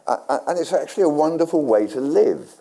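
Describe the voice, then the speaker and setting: An older English actor, a guest at a stage interview in a community centre hall with a live audience, tells rambling anecdotes full of restarts and dry humour. His voice is fairly high, creaky and mellow, with lively intonation and a quick pace.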